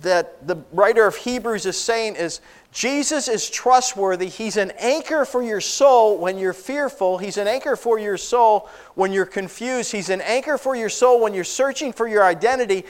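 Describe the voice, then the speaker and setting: A male pastor preaching a sermon, telling a Bible story with animated asides and acted-out lines. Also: high-pitched, normal speed.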